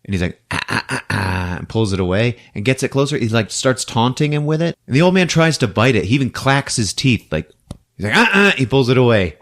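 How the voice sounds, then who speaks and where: Recapping a movie scene by scene, a podcast host speaks with a medium-pitched, expressive voice. He jumps into quick character voices and laughs often.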